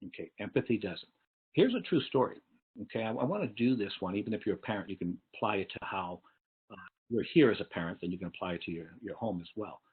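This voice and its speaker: A man's voice: lowish voice, expressive, fast talker, slightly rough. A man presenting a webinar lecture for teachers and parents, explaining step by step and often checking in with "okay?". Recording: tinny phone-like online webinar audio.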